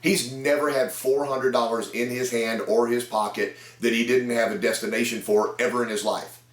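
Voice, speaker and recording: A sales trainer in his fifties talks to camera, telling folksy stories about selling cars in a medium-pitched, steady voice at a moderate pace. The mic is distant and the room is echoey.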